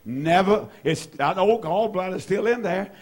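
A man's voice: high-pitched, expressive, moderate pace. A man, preaching a fervent sermon in a church service and repeating his praise phrases. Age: 70s. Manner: fervent, repetitive, exclaims hallelujah.

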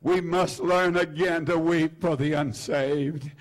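High-voiced fervent older preacher. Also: male voice, steady tone, slow pace. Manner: fervent, repetitive preaching with frequent "uh" and "hallelujah". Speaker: pastor. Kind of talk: sermon.

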